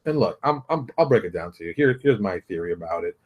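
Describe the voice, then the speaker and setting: Man, blunt ranting host, animated swings in pitch, casual solo commentary, home office. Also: a little fast, hardly any pauses.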